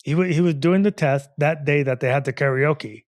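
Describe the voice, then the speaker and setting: A man's voice: a little high, moderate pace, dry recording, clean studio sound. A man in his forties co-hosting a comedy podcast, telling a rambling story and leaning on "you know what I mean". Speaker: podcast co-host.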